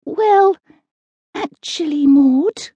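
A woman voicing a timid, shy witch who speaks softly and hesitantly, in a close dry studio recording. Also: high-pitched, drawn-out words, no echo, voice pushed up. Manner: hesitant, soft-spoken.

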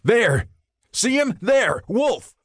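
A man's voice: lowish voice, animated, normal speed, a little mellow, no echo, studio quality, lightly acted. A man doing a wisecracking young male agent. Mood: joking. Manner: playful, joking. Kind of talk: audiobook character voice.

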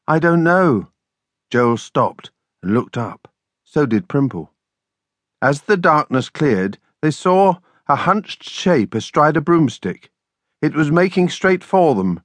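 A man narrating a children's audiobook in an expressive storytelling manner, recorded in a studio. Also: medium pitch, dry recording.

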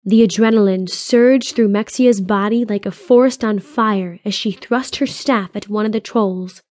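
A woman narrates a fantasy adventure in a steady, even storytelling voice, pitched at a middle level. The recording is close and dry, with no room sound. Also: a little slow, no echo. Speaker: audiobook narrator. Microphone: close studio mic.

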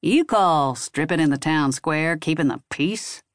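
A woman voicing a crude, gruff male werewolf sheriff who growls and drawls his lines slowly. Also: fairly high pitch, expressive, no room sound, studio quality.

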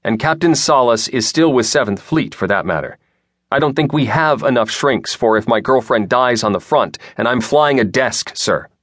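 A man's voice: mid-range voice, expressive, moderate pace, fairly bright tone, dry recording, pitched above the performer's own voice. A male audiobook narrator voicing a young starship captain who talks bluntly and objects, recorded dry in a studio. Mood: tense.

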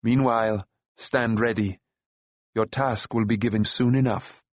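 A man voicing a tall, weathered warrior prince who speaks with measured, gentle authority in an audiobook. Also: lowish voice, steady tone, dry recording, lo-fi sound. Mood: calm, wise.

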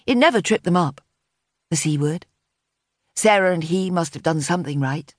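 A woman narrates a contemporary novel in a steady, measured voice. Her pitch sits low for a woman. The recording is dry and close, with no room sound. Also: dry recording. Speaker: audiobook narrator. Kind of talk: scripted narration.

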